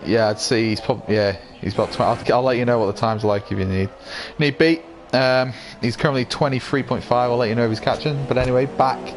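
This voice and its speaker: A man with a croaky voice giving excitable live commentary on an online racing league, rising to yells at incidents. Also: mid-range voice, fairly quick, slight background noise.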